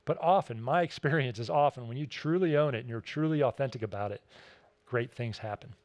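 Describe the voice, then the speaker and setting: A man giving a keynote talk, telling stories in an animated, emphatic way and repeating his key points. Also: mid-range voice, brisk, dry recording. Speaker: keynote speaker.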